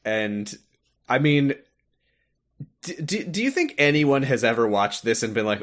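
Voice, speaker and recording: A man co-hosting a podcast, recapping a game in casual chat with quick asides and frequent laughs. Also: mid-range voice, big pitch swings, fairly bright tone. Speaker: podcast co-host.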